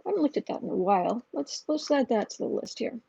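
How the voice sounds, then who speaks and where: A woman's voice: fairly high pitch, big pitch swings, fast, gravelly, mellow, slightly rough, dry recording. A woman hosting a tarot livestream, reading viewer questions aloud in a blunt, rambling, opinionated way. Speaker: tarot reader and channel host. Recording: dull lo-fi audio.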